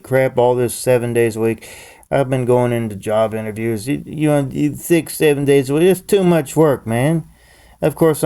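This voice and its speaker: A man's voice: medium pitch, warm tone, clean tone. A man giving a profane, repetitive rant in his own vlog, often chuckling to himself. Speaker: vlogger. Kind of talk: ranting monologue to camera.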